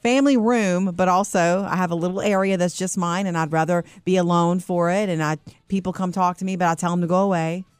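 Chatty woman morning-show host, low voice. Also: steady tone, fairly quick, clean tone, no room sound, faint music behind. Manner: chatty, upbeat, laughs often. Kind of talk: casual morning show chat.

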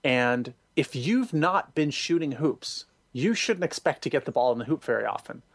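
A man being interviewed, telling stories expressively and acting out quoted voices, with sudden high jumps for emphasis. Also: expressive, moderate pace, no echo. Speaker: guest, singer and former music director. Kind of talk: animated interview storytelling.

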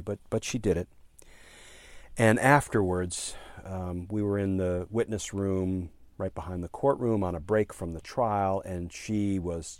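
A man in his fifties, a former prosecutor, telling a story in an earnest, halting way with fillers and emphatic repeated phrases. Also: deep voice, darkish tone, dry recording. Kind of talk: storytelling commentary.

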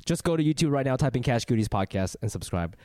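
Lively joking male podcast host. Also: mid-range voice, fast talker, dry recording, studio quality. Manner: joking, rambling, laughs often. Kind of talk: casual comedic podcast chat.

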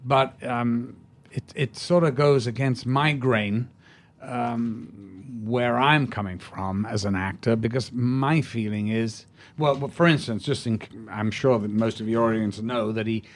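A man's voice: medium pitch, measured pace. An older man, an actor guest telling stories in a rambling way, full of restarts. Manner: rambling with many restarts, amused. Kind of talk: casual anecdote in an interview.

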